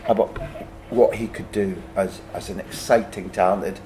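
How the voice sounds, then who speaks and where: A man's voice: low-pitched, fairly even intonation, normal speed, mellow, slight background noise. A man hosting a podcast interview, asking long, searching questions scattered with fillers. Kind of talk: casual conversation.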